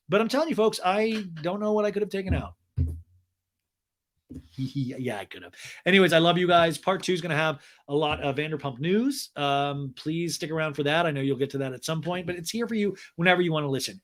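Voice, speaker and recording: A man hosting a comedic recap podcast, talking animatedly and giggling between his own jokes. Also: on the high side. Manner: animated, giggly, acts out quotes. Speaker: podcast host.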